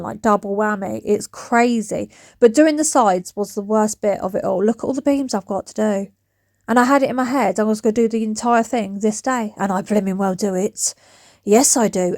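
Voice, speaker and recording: A DIY vlogger of about forty rambles chattily to camera in her back garden, recorded on a phone camera, as her throat grows dry. Her voice is medium-pitched with a darkish tone, and there's no room sound.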